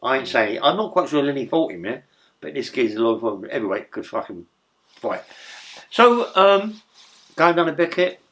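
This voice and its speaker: An older man, telling rough stories in a rambling, profane way as an interview guest. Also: medium pitch, big pitch swings, moderate pace, a bit bright. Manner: rambling, profane, tag questions like "yeah?". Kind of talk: storytelling in a casual interview.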